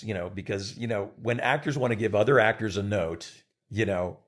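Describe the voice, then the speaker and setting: A man's voice: on the low side, a little fast. A man in his sixties, an actor, telling a backstage story in a chat and acting out other people's lines. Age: 60s. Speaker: actor and guest.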